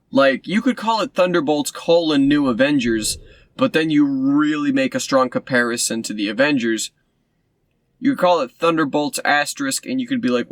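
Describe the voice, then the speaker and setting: A man rambles through a movie plot in a loose, sarcastic way, full of ums and side remarks. His voice sits at an ordinary pitch, and the sound is dry and close, with no room around it. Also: a bit bright, dry recording. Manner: sarcastic, rambling, with many fillers. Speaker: movie reviewer. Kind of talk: casual rambling recap.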